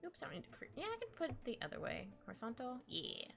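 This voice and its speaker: Giggly bright-voiced woman. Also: fairly high pitch, wildly swooping pitch, quick pace, gravelly. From Canada. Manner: giggly, rambling, playful asides. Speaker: streamer drawing live. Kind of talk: casual chat while drawing. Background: faint music playlist.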